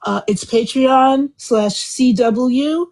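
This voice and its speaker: A woman's voice: high-pitched, slow pace, a little mellow, low-quality recording. A woman hosting a live group discussion, talking casually and at length in a chatty, effusive, rambling way over a home computer mic. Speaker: host of a live book club discussion.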